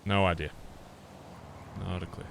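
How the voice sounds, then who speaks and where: A man's voice: low-pitched, steady tone, measured pace, a little hiss or hum. A man in character as a biker club leader in a game role-play, swearing constantly and rambling with many fillers.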